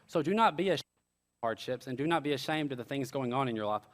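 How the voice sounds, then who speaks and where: A man's voice: medium pitch, lively intonation, quick pace, in a large hall. A young man preaching a sermon, telling stories with earnest, casual asides. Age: young adult. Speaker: pastor.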